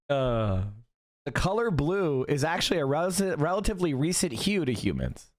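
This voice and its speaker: A man's voice: on the high side, very animated, takes it slowly, pauses often, dry recording. A young man streaming, ranting emphatically and profanely and answering chat. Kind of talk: casual livestream commentary.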